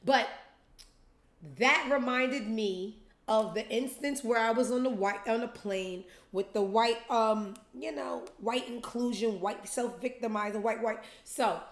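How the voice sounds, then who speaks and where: Animated woman telling a profane story. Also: fairly high pitch, measured pace. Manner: animated, profane, acts out quotes in different voices. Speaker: podcast host. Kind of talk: casual storytelling monologue. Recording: roomy echo.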